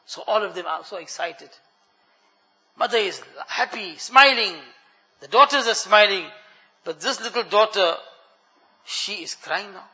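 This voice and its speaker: A man preaching a sermon, telling a story in an animated way and speaking to the congregation as brothers. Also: high voice, measured pace, long pauses. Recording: dull lo-fi recording with long hall reverb.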